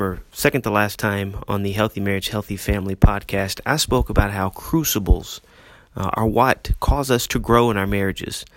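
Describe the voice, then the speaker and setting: A man's voice: lowish voice, no room sound. A middle-aged man, a pastor hosting his own podcast, talking earnestly about marriage with frequent "uh" fillers and repeated key questions. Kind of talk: solo podcast talk on marriage.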